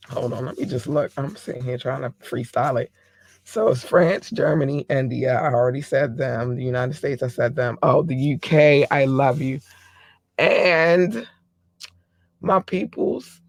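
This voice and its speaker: Hoarse middle-aged male podcast host, gravelly voice, rambling and affectionate, dry close sound. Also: mid-range voice, a little slow, no echo. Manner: rambling, affectionate shout-outs to listeners. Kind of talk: casual solo podcast monologue.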